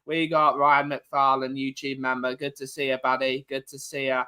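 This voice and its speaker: A man's voice: medium pitch, level tone, moderate pace, pushed and bright, clear, resonant tone. A young man hosting a casual football chat show, greeting viewers one by one by name with friendly banter. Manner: reads out viewer names with running banter. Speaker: host.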